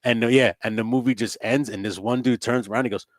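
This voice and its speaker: A man hosting a casual livestream chat, swearing freely, laughing often and telling stories with excitement. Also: mid-range voice, fast talker, no echo, clean studio sound. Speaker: host.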